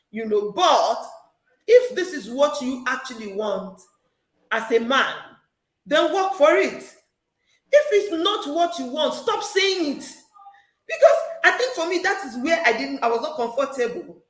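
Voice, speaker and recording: A middle-aged woman co-hosting a relationship advice talk, speaking in an animated, preachy way and acting out quotes with laughter. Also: sits high, measured pace, roomy sound, low-quality recording. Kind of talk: casual advice chat.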